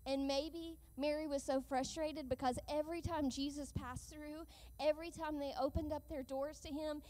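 A woman preacher with a high, darkish voice delivers an earnest sermon. She speaks in a measured way, slowing down to lean on key lines.

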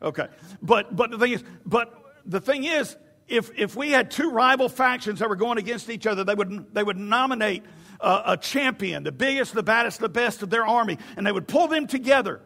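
A man preaching a sermon, animated and storytelling, with stammered restarts. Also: high voice, fairly quick, in a large hall.

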